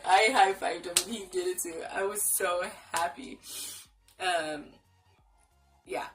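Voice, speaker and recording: A woman's voice: fairly low pitch, steady tone, takes it slowly, distant mic, over music, low-quality recording. A young woman vlogger telling her story in a casual, chatty way and acting out the dialogue she quotes.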